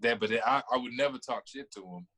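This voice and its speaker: A man's voice: medium pitch, fairly quick, pushed and bright, husky. A man guesting on a casual sports talk show, laid-back and slangy, mimicking trash talk.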